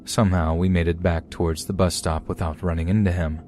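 A man hosting a podcast, reading listeners' true horror stories aloud in a steady storytelling way. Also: sits low, a little fast, faint music behind. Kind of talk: scripted horror story narration.

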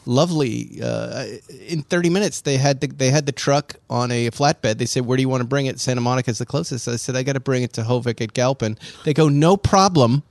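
A man in the middle of the pitch range, telling a story with lively energy and slipping into quick impressions of the people he talks about. The sound is dry and close, with no room echo. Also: gravelly. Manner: animated storyteller acting out quoted voices. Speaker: podcast co-host. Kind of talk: casual chat, storytelling.

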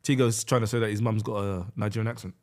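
A man in his forties bantering as a podcast guest, animated and playful. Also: lowish voice, fast. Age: 40s. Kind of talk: casual banter.

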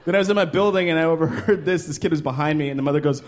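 A man in his thirties performing a stand-up comedy set on a club stage into a handheld mic, animated and jumping into character voices. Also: rapid-fire, hardly any pauses, a little hiss or hum. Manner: animated, jumps into high-pitched character voices.

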